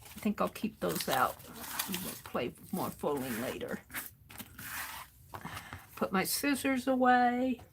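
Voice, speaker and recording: A woman rambles to herself at an unhurried pace while she works at her craft desk. Her talk is casual and self-amused, and a faint hiss sits under the recording. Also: medium pitch, very animated. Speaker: art journaling streamer.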